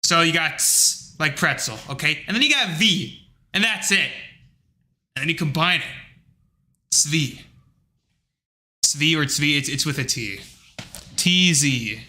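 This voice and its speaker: A man's voice: fairly high pitch, unhurried, pauses often. A man hosting a livestream, talking in a rambling, casual rant full of fillers and blunt asides. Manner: rambling, filler-heavy, animated retelling; blunt, with occasional profanity. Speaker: livestream host.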